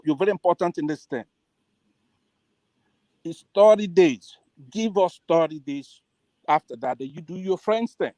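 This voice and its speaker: A man's voice: high-pitched, a little mellow, dry recording. A man taking part in an online discussion, speaking in an insistent, demanding way. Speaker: participant in a discussion. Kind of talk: heated casual talk.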